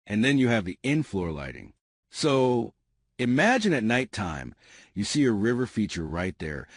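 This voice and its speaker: Inside a large house, a low-voiced man hosts an enthusiastic real estate walkthrough, addressing his viewers as family. His pitch rises and falls a lot as he points things out, and the recording sounds close and dry.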